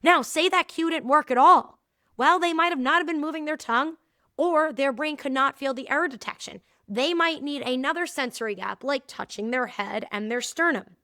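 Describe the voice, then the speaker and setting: A woman in her thirties hosting a solo podcast, telling stories and teaching in a candid, animated way with frequent laughs. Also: high voice, no echo, clean studio sound. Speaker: podcast host and movement teacher. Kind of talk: casual solo podcast talk.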